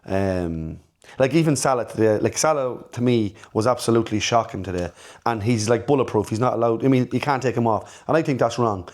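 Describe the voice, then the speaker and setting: A man's voice: medium pitch, brisk, a little mellow. A middle-aged man, hosting a casual football fan reaction and talking frankly, repeating words as he rambles through his thoughts. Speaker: football fan channel host.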